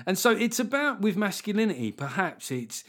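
A man's voice: high-pitched, very animated, moderate pace, fairly bright tone. A man hosting a podcast, talking in a loose, casual way, swearing freely and often restarting his sentences. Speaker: podcast host. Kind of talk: casual chat.

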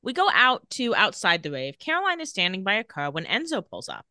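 Recorded with studio quality and no room sound, a mid-range female voice speaks fairly quickly. She's a podcast co-host retelling a TV episode in casual chat, acting out its lines in an animated way with laughs.

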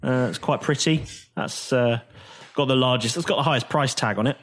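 A man's voice: medium pitch, fairly quick, a bit bright, slight background noise. A man, narrating and running a tabletop game, hesitating often and filling gaps with ums. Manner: hesitant, full of fillers. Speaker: game master.

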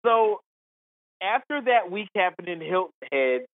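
Higher-voiced man telling stories over a phone line. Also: a little slow, no echo. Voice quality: lively storyteller who acts out voices. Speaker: podcast guest, comedian and golf analyst. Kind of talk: animated anecdote telling.

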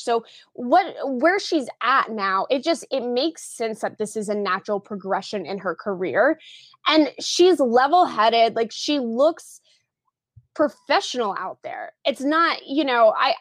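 On a clean studio recording without echo, a young woman from around Tulsa, Oklahoma, a film critic guesting on a podcast, talks casually. She often restarts sentences and leans on fillers, in a slightly high, fairly bright voice.

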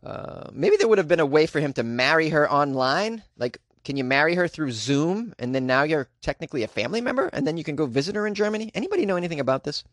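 A man's voice: a little high, animated, fast talker, hardly any pauses, no echo, studio quality. A man hosting his own podcast, chatting casually with sarcastic asides and plenty of fillers. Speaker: podcast host. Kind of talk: casual solo podcast chat.

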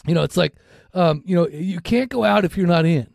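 Man, Minnesota accent, podcast host, blunt and profane, rambling, high voice. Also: brisk, vocal fry, a little mellow, no room sound, clean studio sound. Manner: blunt, heavy swearing, rambling. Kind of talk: casual chat.

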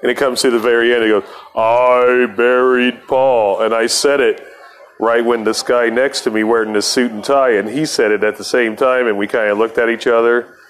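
A man's voice: mid-range voice, steady tone, fairly quick. A man hosting a podcast, telling a rambling, profane story in a casual monologue with laughs between lines. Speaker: podcast host.

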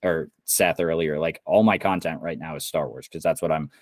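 A man's voice: a bass voice, moderate pace, dry recording, studio quality. A young man from Indiana co-hosting a podcast, ranting angrily and swearing. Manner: heated, swearing rant. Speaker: podcast co-host. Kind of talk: casual podcast chat.

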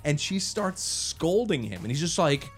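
A man's voice: on the high side, sing-song, measured pace, faint music behind. A man co-hosting a podcast, telling a story in casual chat, swearing and laughing often. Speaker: podcast co-host.

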